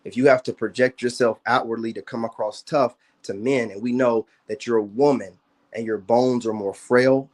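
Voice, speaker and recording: A man's voice: medium pitch, fairly even intonation, moderate pace. A man in a blunt, confrontational rant to his online viewers, profane and repetitive. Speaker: social media commentator. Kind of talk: ranting monologue to viewers.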